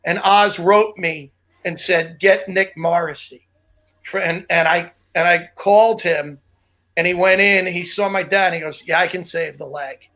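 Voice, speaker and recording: A man's voice: sits high, fairly even intonation, unhurried, pushed and bright. A man co-hosting a podcast, a comedian telling loose, rambling stories in casual chat. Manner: loose, rambling storyteller with restarts.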